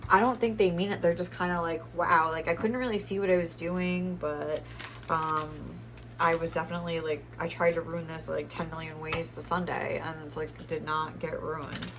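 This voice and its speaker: A woman's voice: lowish voice, fairly even intonation, moderate pace, noisy background. A young woman giving a casual tarot reading, chatty and full of fillers, often laughing as she talks. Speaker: tarot reader.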